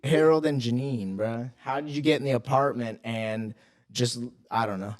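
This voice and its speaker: A young man in casual podcast chat, swearing freely as he rambles through a story with plenty of fillers. His voice sits at an ordinary middle pitch. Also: moderate pace. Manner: loose, profane storytelling. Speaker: podcast co-host.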